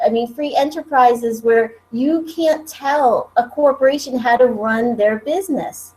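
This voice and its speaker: High-voiced, earnest American woman. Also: measured pace, a little mellow, rough recording. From United States. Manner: earnest, insistent. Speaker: co-host. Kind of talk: live political web show chat.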